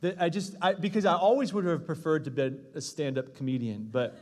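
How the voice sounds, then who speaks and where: A pastor in his thirties telling a funny family story in a sermon to his congregation, animated and self-mocking. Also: fairly high pitch, brisk. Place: church stage before a congregation. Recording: long reverb of a large hall.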